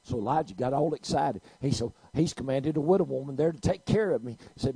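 Man preaching, gravelly and husky, big loud-soft swings. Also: medium pitch, quick pace, few pauses, dry recording, poor audio. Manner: storytelling, swings from quiet to loud. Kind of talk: preaching a sermon.

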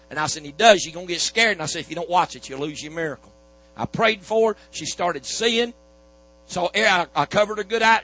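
A man's voice: fairly high pitch, bright, forceful tone, poor audio. A man preaching a sermon, telling a healing story in a folksy back-and-forth of "I said, he said". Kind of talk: sermon testimony.

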